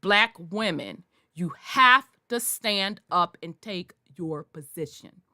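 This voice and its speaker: A woman hosting a podcast, delivering a forceful, profanity-laced monologue in a preachy way. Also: lowish voice, expressive, takes it slowly, no echo, clean studio sound. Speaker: podcast host.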